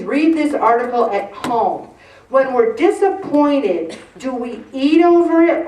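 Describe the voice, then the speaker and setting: A woman in her sixties leading a faith-based group talk, animated and acting out the voices she quotes. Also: fairly high pitch. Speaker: faith-based weight-loss group leader. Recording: roomy room, mic far off.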